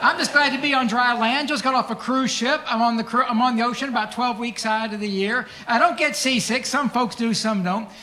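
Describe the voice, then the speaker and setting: High-voiced middle-aged comedian. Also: male voice, a little fast, few pauses, slight background noise. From Kentucky, USA. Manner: folksy, deadpan punchlines. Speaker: stand-up comedian. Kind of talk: stand-up comedy storytelling.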